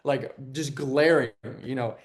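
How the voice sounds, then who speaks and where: A young man from Texas, a sports anchor, telling stories as a guest on an interview podcast and acting out quotes in a higher voice. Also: unhurried. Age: young adult. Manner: animated storyteller, acts out quotes with a jump in pitch. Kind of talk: casual interview chat.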